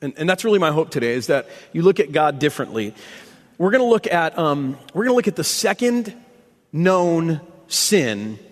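Male pastor, higher-pitched than most, easygoing self-deprecating preacher, recorded with long hall reverb. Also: sing-song, moderate pace. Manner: conversational and self-deprecating storyteller. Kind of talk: sermon. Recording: long echo of a large hall.

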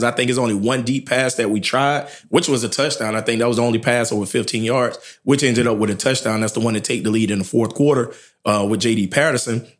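Animated American man recapping a football game. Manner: animated storytelling, rises in pitch at dramatic moments. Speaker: podcast host and high school football coach. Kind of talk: casual sports recap.

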